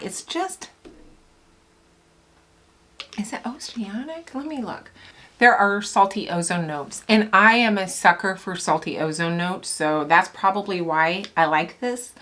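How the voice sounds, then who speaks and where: Bright-voiced chatty woman. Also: lowish voice. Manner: chatty and enthusiastic, with laughs and asides. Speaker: small business owner reviewing fragrance oils. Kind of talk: casual product vlog.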